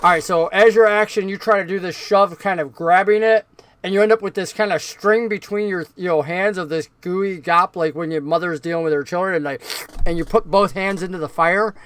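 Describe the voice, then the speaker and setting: A man narrating and explaining rules as game master of a tabletop game, relaxed and patient. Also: high voice, brisk, clear, resonant tone.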